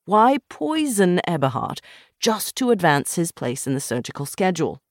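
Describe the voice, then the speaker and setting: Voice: medium pitch, big pitch swings, moderate pace, no room sound, studio quality. A narrator voicing a hesitant, mild-mannered man in his seventies in an audiobook. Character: hesitant older man scientist, 76. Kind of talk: audiobook character voice.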